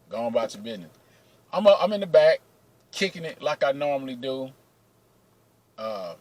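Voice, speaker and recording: A man casually telling profane, animated stories about his days working security, acting out what people said. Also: mid-range voice, rough recording. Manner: profane, animated, acts out quotes. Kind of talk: casual storytelling.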